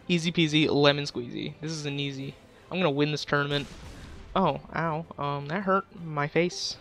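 A man's voice: a little high, fairly even intonation, measured pace, fairly bright tone, faint music behind. A young man casually commenting on his game livestream, goofing around with silly trash talk and laughing at his own jokes. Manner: goofy, self-amused trash talk. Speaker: gaming livestreamer.

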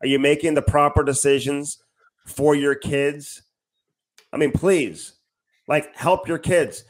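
A man's voice: a little high, fairly even intonation, takes it slowly. A man co-hosting a podcast, chatting casually and reading sponsor ads, often tacking on "man". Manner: breezy, says "man" a lot. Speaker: podcast co-host. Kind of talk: casual podcast chat and ad reads.

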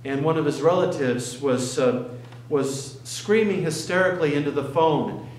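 A male pastor preaching in an earnest, halting manner, pausing and restarting as he tells a story. His voice sits a little higher than most men's, and it rings around a roomy, echoing church. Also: a little hiss or hum. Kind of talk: sermon. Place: church sanctuary.

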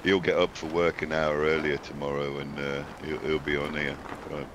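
A man's voice: extremely low pitch, flat delivery, normal speed, very noisy. A man chatting casually with a friend during a game, teasing him and swearing freely. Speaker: friend and co-player. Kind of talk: casual gaming chat.

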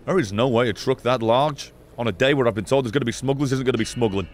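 A young man playing a video game and commenting as he goes, sarcastic and swearing, dropping to mutters and then shouting. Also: medium pitch, fast talker. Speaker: gaming streamer.

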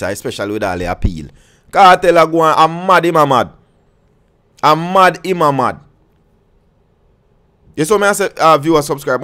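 A man's voice: medium pitch, fairly bright tone. A man with a Jamaican accent giving casual commentary on dancehall music to his viewers, speaking heavy patois, rambling with frequent restarts and checking in with his audience. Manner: patois-heavy, keeps asking "you see me I say".

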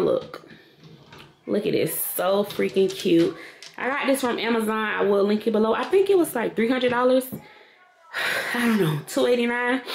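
A woman's voice: a little high, a little hiss or hum. A woman, chatting casually to her viewers in a home vlog and calling them y'all and girl. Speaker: vlogger. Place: at home, in a walk-in closet. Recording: echoey home room, faint music.

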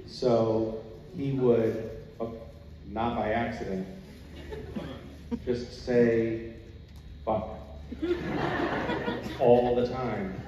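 A man on a convention panel telling funny family stories in a relaxed, amused way. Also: mid-range voice, extremely slow, long pauses, slight background noise. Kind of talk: anecdotal storytelling. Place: convention hall stage. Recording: echoey hall from far off, dull.

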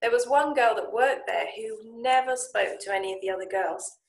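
Woman telling a lively story. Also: on the high side, normal speed. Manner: lively, animated retelling with acted-out quotes. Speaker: Japanese speaking coach and founder. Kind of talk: casual storytelling talk. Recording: echoey room.

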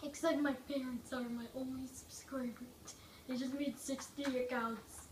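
A woman giving casual, rambling gameplay commentary, joking and mocking herself, her throat a little rough from coughing. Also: high-pitched, steady tone, measured pace, distant mic. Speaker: gaming video maker. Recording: echoey room, away from mic, faint noise.

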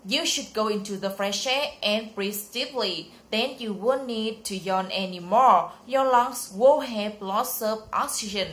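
A woman reading aloud the lines of a patient schoolteacher in a children's story, explaining things slowly and carefully, with the odd slip. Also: medium pitch, a bit bright, natural voice. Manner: slow, careful read-aloud delivery with small slips. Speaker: teacher.

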